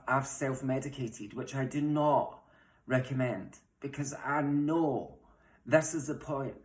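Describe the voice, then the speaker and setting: Speaking a little slowly in a very deep, slightly mellow voice with fairly even intonation, a young trans woman from Scotland makes a heated direct-to-camera appeal. She's frustrated and blunt, swearing as she goes, in a home room mid-move that gives the audio a roomy echo.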